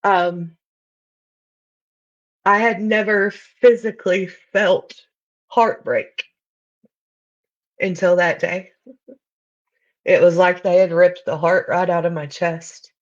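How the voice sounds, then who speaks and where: A woman's voice: on the low side, steady tone, slow pace, long pauses, muffled recording. A woman giving a candid recovery testimony, blunt and full of fillers. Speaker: recovery speaker.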